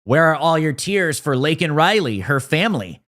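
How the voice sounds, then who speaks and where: A man's voice: a little high, sing-song, normal speed, fairly bright tone. Mocking male political commentator. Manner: mocking, combative. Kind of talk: scripted commentary.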